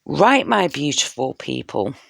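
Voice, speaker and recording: Tarot reader, casual reading to camera, heartfelt, keeps checking in with the viewer, unhurried delivery. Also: medium pitch, big pitch swings, vocal fry, fairly bright tone, no echo, clean studio sound. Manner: slow, heartfelt, frequent "you know" and "yeah?" check-ins; intimate, speaks straight to the viewer.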